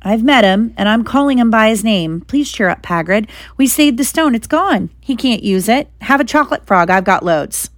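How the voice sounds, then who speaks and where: Harry Potter: woman reads eager young wizard boy, higher voice, dry sound. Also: lively intonation, moderate pace, hardly any pauses, no room sound, close to an everyday voice. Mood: earnest.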